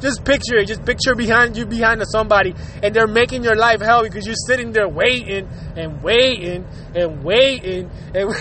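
A man's voice: extremely high pitch, pushed and bright, slight background noise. A man hosting his own show, ranting profanely about bad drivers and laughing often as he talks. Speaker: podcast host. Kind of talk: casual comedic rant.

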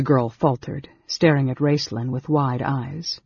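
A man reading a fantasy novel aloud as an audiobook narrator, in a measured, dramatic way. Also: mid-range voice, steady tone, gravelly, a little mellow, breathy edge, dry recording. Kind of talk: scripted narration. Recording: dull lo-fi recording.

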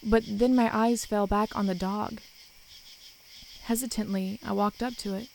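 A woman narrating a first-person horror story in a calm, measured way. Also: medium pitch, creaky, a little hiss or hum, poor audio.

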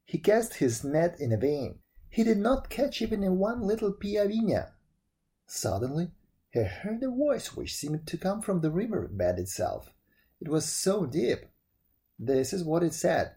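A man reading a folk tale aloud, his pitch rising and falling with lively expression. His voice has a dark, mellow tone. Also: unhurried, slightly rough. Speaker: storyteller.

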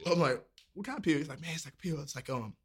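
A man's voice: fairly high pitch, racing, breathy edge. A young man, telling a story to friends in casual chat, acting out the voices of people in it and swearing freely. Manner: animated, acts out quoted dialogue, swears freely.

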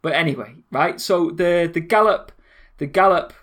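A man's voice: a little high, normal speed, a bit bright. A man co-hosting a casual podcast, laughing often and stumbling through restarts, calling his friend "mate". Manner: uses "mate" a lot. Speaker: podcast co-host. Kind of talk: casual banter.

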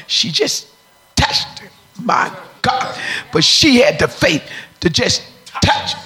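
Gravelly, fiery woman preacher. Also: lowish voice. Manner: shouting, speaking in tongues; rhythmic, repetitive preaching cadence. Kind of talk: fiery sermon.

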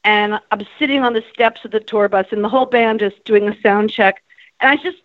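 A musician guest from New Jersey, this woman tells her story candidly, bluntly, and animatedly, with plenty of swearing. Her medium-pitched voice is brisk, and the audio is dull with no room sound.

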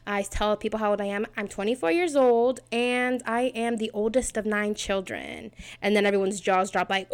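A chatty woman in her twenties hosts her own podcast from a small home setup. She rambles, jokes at her own expense and talks quickly. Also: medium pitch, clean tone. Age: 20s. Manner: chatty, rambling, self-deprecating, fast-talking. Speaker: podcast host. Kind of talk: casual solo podcast chat.

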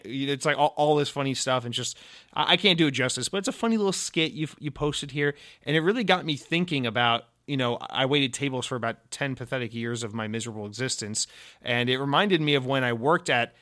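A man's voice: medium pitch, fairly quick, bright, forceful tone. A young adult man hosting a solo podcast, ranting in a mock-serious, rambling way with lots of fillers and restarts. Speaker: podcast host.

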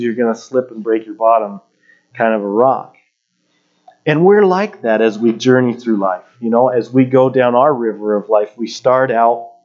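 A man's voice: mid-range voice, a little mellow, lo-fi sound. A middle-aged male pastor giving a sermon in a conversational, plainspoken way.

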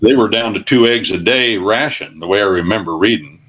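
A man's voice: fairly low pitch, brisk, a bit bright, slightly rough. Folksy older man preaching on talk radio. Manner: folksy, preachy, rambling anecdotes. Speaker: radio show guest.

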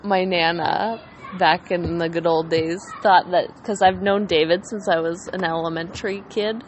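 A woman's voice: fairly low pitch, fairly even intonation, normal speed, a little hiss or hum, low-quality recording. A woman co-hosting a casual podcast, teasing and laughing often. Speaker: podcast co-host. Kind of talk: casual chat.

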